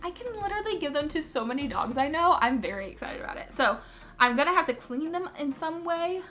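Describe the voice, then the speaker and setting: Bubbly high-voiced young woman vlogger. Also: expressive, fast talker, a bit bright. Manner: bubbly, gushing and giggly. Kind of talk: casual vlog chat.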